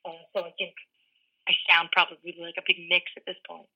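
A woman's voice: lowish voice, monotone, slightly rough. Chatty woman on a muffled phone line. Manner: chatty, self-deprecating, quick to laugh. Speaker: football reporter. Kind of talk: casual phone interview.

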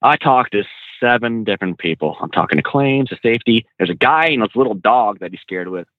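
A man who trains truck drivers, a podcast guest, telling road stories in casual, animated talk that is loose with swearing and slang like "bro". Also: fairly low pitch, fairly quick, no room sound. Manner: animated, swears freely, says "bro" and "dude". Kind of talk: casual storytelling in an interview. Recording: dry, tinny phone-like sound.

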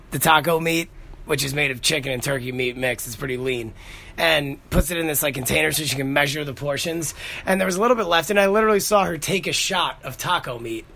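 Gravelly, bright-voiced New man. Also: on the high side, fast talker. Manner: profane, rambling storytelling. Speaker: podcast host. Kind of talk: casual monologue.

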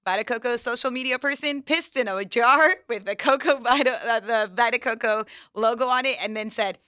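A woman co-hosting a radio show, chatting casually and telling stories with easy laughter. Her voice is crisp and bright, pitched a little high. She sounds dry and close to the mic. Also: dry recording. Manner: chatty storyteller, quick to laugh. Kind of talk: casual chat.

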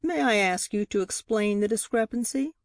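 A woman reading the part of a sharp, relentless male courtroom lawyer, with a pointed, cross-examining delivery. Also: mid-range voice, animated, moderate pace, no echo, studio quality, pitched above the performer's own voice, natural voice. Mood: sharp, pressing. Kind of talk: audiobook character reading.

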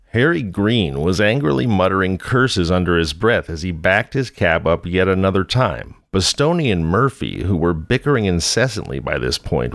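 A man's voice: low-pitched, vocal fry, no echo, studio quality. A man narrating a scripted true-crime story with a wry, dramatic delivery. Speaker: podcast narrator.

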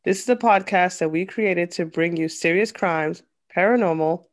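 A woman's voice: on the low side, moderate pace, noisy background. A woman with a nasal voice co-hosting a casual podcast, chatty and storytelling, recorded over a headset on a video call. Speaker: podcast co-host.

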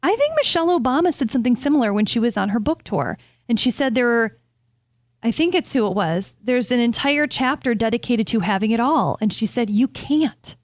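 High-voiced woman, candid chat. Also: lively intonation, dry recording. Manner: candid, self-deprecating, quick to laugh. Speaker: co-host. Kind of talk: casual chat.

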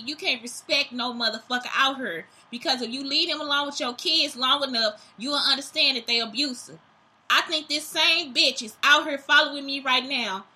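A woman's voice: sits high, bright, forceful tone. A young adult woman hosting her own show, delivering a heated, profane, accusatory rant. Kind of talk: profane ranting monologue.

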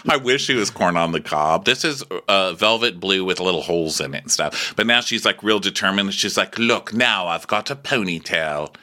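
A man's voice: low voice, animated, normal speed, sharp tone. A man co-hosting a casual recap chat, joking a lot and doing silly voices. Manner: joking, quips in silly voices, laughs often. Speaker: podcast co-host.

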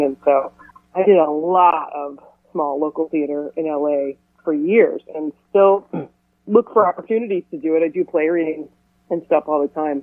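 Chatty actress on a tinny phone line. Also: female voice, low-pitched, no echo. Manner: chatty and playful, quick asides. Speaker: actor guest. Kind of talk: casual phone interview. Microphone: telephone.

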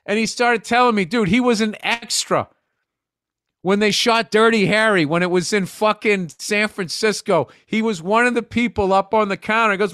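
A man's voice: high-pitched, moderate pace, fairly bright tone, smooth, dry recording, clean studio sound. A man, a comedian, telling rambling stories in casual podcast chat, swearing and restarting sentences. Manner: storytelling, swears a lot, stammers on restarts.

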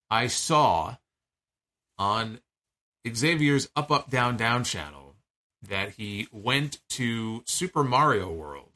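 A man's voice: mid-range voice, a bit bright. A man giving a chatty, digressive recap of a wrestling show, speaking casually and acting out the lines he quotes.

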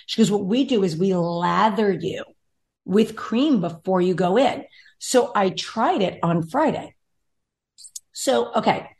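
A woman's voice: mid-range voice, animated, unhurried, a little mellow. A young adult woman hosting a casual chat, telling a rambling story and acting out what others said. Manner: chatty rambling storyteller, acts out quotes. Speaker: podcast host.

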